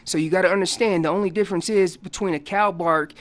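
A man on a radio show explaining elk calls in a folksy, animated way, acting out what the animals are saying. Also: high voice, quick pace. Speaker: elk calling guest expert. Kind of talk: casual radio interview explanation. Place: radio studio.

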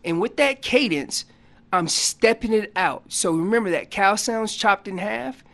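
A man on a radio show explaining elk calls in a folksy, animated way, acting out what the animals are saying. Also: high voice, measured pace. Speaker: elk calling guest expert. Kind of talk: casual radio interview explanation. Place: radio studio.

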